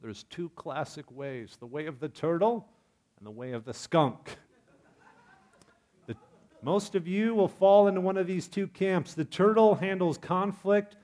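Humorous male pastor, slightly higher voice. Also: moderate pace. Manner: lively, humorous preaching with audience questions. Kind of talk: sermon.

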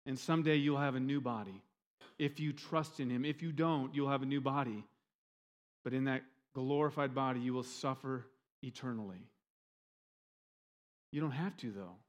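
A pastor preaching a sermon to his congregation, emphatic and questioning, with dramatic swings in pitch. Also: moderate pace, long pauses.

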